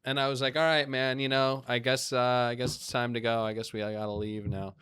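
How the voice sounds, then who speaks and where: A man's voice: medium pitch, a little fast, smooth, no echo. A man in his thirties, a comedian on a podcast, telling stories casually and acting out the people in them. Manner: animated, acts out quoted voices in anecdotes. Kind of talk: casual storytelling.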